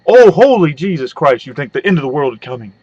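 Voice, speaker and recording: A man's voice: fairly high pitch, big pitch swings, fast talker, darkish tone, breathy edge, dry recording. A man doing a profane, rambling, sarcastic comedy rant, with lots of hums and side remarks, recorded on a webcam at home. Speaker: webcam vlogger. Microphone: webcam mic. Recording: dull lo-fi webcam audio.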